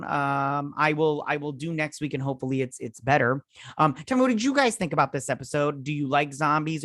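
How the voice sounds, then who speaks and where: A man's voice: medium pitch, fairly bright tone, dry recording, studio quality. Rambling male TV review host. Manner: rambling, loose, searches for words mid-sentence. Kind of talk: casual spoken episode recap and review.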